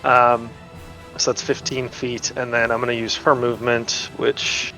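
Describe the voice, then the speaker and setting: A man's voice: mid-range voice, completely flat delivery, normal speed, bright, forceful tone, soft background music. A man playing a tabletop role-playing game, narrating his character's actions in a rambling way, with many restarts and laughs. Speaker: player.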